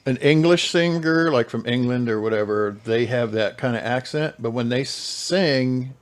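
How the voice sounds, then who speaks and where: A man's voice: mid-range voice, a little slow. A man in a casual group chat who talks in a laid-back, hesitant way and trails off. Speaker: podcast guest.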